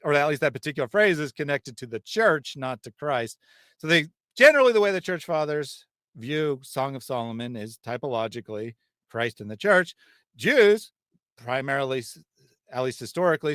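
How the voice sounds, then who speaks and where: A man's voice: mid-range voice, fairly bright tone, no room sound, clean studio sound. A man hosting a livestream, reading out chat comments and explaining in a conversational, thinking-aloud way. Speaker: channel host. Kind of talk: livestream discussion.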